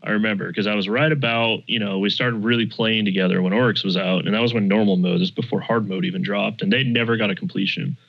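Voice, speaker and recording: A man in casual chat, telling gaming stories with animated energy and casual swearing. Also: lowish voice, quick pace, vocal fry, few pauses. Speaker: podcast guest. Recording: dull lo-fi mic.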